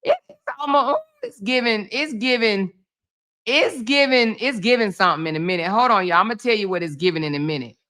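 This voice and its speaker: A woman hosting a casual reaction commentary. She talks in an animated, exclaiming way and calls her viewers "y'all" and "honey". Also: mid-range voice, a little fast. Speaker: host.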